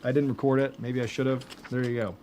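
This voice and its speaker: A man telling stories in casual chat as a podcast host, animated, with lots of filler words. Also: mid-range voice, fast, a little hiss or hum.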